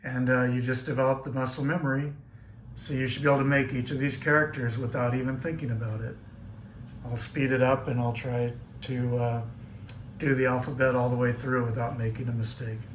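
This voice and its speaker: A man's voice: mid-range voice, little pitch movement. Methodical man explaining in an echoey room. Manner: plain, methodical, frequent "uh" pauses. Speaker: ham radio operator teaching Morse keying. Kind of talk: casual how-to demonstration. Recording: echoey room with faint noise.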